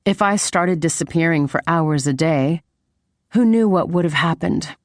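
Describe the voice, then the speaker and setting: A woman giving intimate, measured first-person audiobook narration. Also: low voice, dry recording, clean studio sound.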